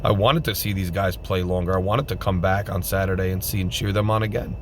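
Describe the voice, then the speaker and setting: A man giving an emphatic, repetitive postgame rant as a fan vlogger, swinging between loud outbursts and subdued sadness. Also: low-pitched, fairly even intonation, brisk, a little hiss or hum.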